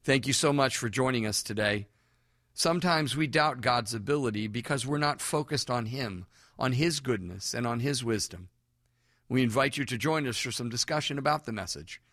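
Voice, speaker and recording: A man hosting the program, reading smooth, even introductions from a script. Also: mid-range voice, moderate pace, dry recording, studio quality. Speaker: program host. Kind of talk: scripted announcement.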